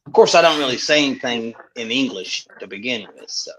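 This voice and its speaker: A man's voice: mid-range voice, lively intonation, a little fast, a bit bright, poor audio. A man co-hosting a casual podcast, making dry joking asides. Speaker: podcast co-host.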